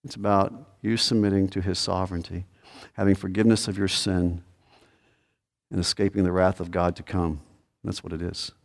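A man's voice: low-pitched, flat delivery, moderate pace, vocal fry. A man preaching a sermon as a pastor, earnest and repetitive, rising to sudden emphatic peaks. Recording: long hall reverb.

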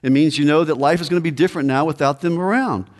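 A man's voice: a little high, fast. A man preaching a sermon in a conversational way, reading scripture and talking straight to the congregation. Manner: conversational preaching, addresses listeners directly. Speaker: pastor.

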